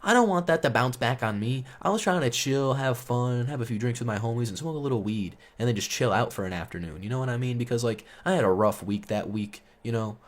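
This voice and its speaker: A man's voice: mid-range voice, expressive, fast, hardly any pauses. A man telling a story in a casual, rambling, profane way, chuckling as he goes. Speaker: storyteller host.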